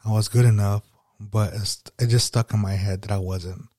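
A man's voice: on the low side, steady tone, moderate pace, dark tone, no room sound. Guy doing a solo pep-talk podcast, rambly and sweary, dry close sound. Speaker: podcast host.

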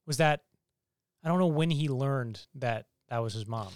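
A man co-hosting a podcast, reviewing a film in casual chat, animated and swearing, acting out lines as he retells scenes. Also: medium pitch, normal speed, no echo, clean studio sound. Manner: animated, swearing, quoting people in voices. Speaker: podcast co-host.

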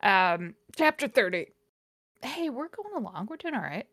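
A woman's voice: on the high side, big pitch swings, normal speed, fairly bright tone. A woman hosting a podcast, reading a fanfiction aloud in a casual comedic way, sardonic and often groaning at the text. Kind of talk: casual comedic read-along.

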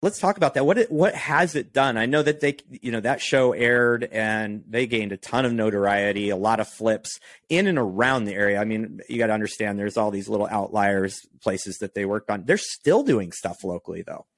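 A man's voice: on the low side, moderate pace, a bit bright, dry recording. Upbeat man hosting a podcast, dry sound. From Oregon. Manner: upbeat, eager, laughs easily. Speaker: podcast host. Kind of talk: casual interview chat.

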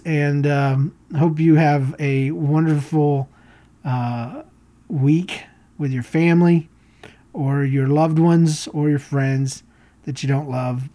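A man's voice: on the high side, steady tone, takes it slowly, mellow. A man in his forties hosting a podcast, telling a story in a rambling, self-mocking way. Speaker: podcast host. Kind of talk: casual storytelling.

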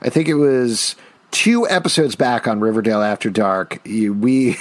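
A man co-hosting a podcast in casual chat, animated and ranting, laughing and reading listener comments. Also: medium pitch, moderate pace, no echo. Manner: animated, ranting, laughs and puts on silly voices. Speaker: podcast co-host.

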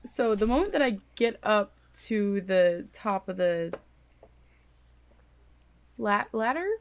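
A woman's voice: mid-range voice, lively intonation, slow pace. A woman playing a tabletop game in an eager, fussing way. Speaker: player. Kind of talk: casual tabletop game play.

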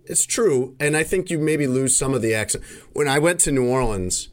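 A man's voice: mid-range voice, animated, moderate pace. Rambling man from Chicago, chatting casually. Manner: rambling, self-correcting storyteller. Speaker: podcast host. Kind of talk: casual chat.

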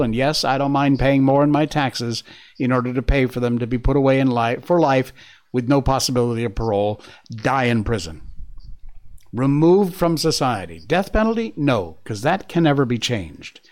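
A man's voice: mid-range voice, expressive, normal speed, a little mellow. A middle-aged man hosting an online news commentary show, emphatic and sarcastic, often laughing at the news he covers. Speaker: host. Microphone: studio mic with earpieces.

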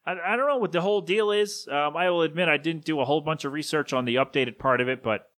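A man hosting a solo podcast, talking casually and with strong opinions, often correcting himself and sometimes slipping into a gruff put-on voice for quick impressions. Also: on the high side, a bit bright. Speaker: podcast host. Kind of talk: solo rambling podcast talk.

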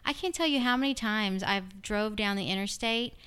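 A woman's voice: medium pitch, normal speed, fairly bright tone, clear, resonant tone. A middle-aged woman hosting a casual podcast, rambling and drifting off topic as she tells a story. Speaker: podcast host.

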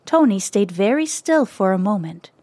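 A woman narrating a children's story in a gentle, expressive way, close to the mic. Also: medium pitch, normal speed, no echo.

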